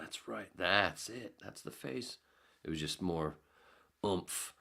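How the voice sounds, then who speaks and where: A podcast host with an extremely low voice and a rough, gravelly edge tells a rambling story. He swears freely, loses his thread, and keeps breaking into little acted-out scenes. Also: a bit bright. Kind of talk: casual storytelling.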